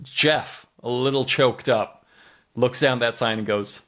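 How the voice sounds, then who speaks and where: A man co-hosting a comedy podcast, recapping a TV episode with animated, mock-dramatic storytelling. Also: mid-range voice, takes it slowly. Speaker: podcast co-host.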